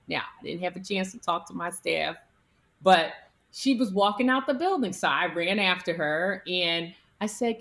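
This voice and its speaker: A woman physician being interviewed, telling stories in an animated, conversational way. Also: lowish voice, moderate pace. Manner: animated, acts out quoted people in her stories. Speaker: physician, guest.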